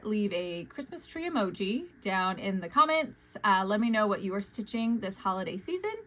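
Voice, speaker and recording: A young adult woman, chatting casually about her cross-stitch projects, with lots of "um" fillers and quick, self-conscious talk. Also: fairly high pitch, pushed and bright, poor audio. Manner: chatty, many "um" fillers, says she talks fast. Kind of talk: casual chat.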